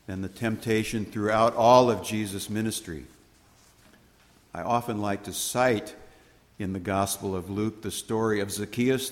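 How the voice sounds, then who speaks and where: A man reading the gospel aloud and preaching a sermon in a church, solemn and measured, with dramatic pauses. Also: mid-range voice. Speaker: priest. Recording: long reverb of a church hall.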